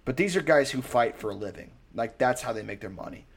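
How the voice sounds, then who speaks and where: Young man, casual chat, rambling, swears a lot, animated storytelling. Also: medium pitch, fast.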